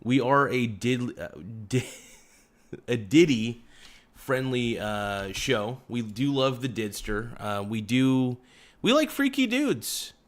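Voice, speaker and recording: A man's voice: medium pitch, steady tone, slow. A young man hosting a casual livestream, reading out chat comments with joking, teasing banter. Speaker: livestream host.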